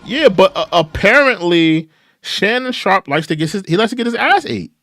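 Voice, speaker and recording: Young black guy ranting on his stream, kinda high voice, swings all over. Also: big pitch swings, moderate pace, a bit bright, faint music behind. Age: young adult. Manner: reads documents aloud and riffs on them. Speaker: commentary channel host. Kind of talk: casual livestream commentary.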